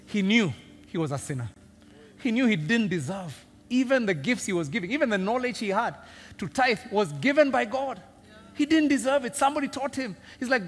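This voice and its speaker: A man preaching a sermon, animated and joking as he teases his congregation. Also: high-pitched, fairly quick, faint music behind. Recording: long reverb of a big hall.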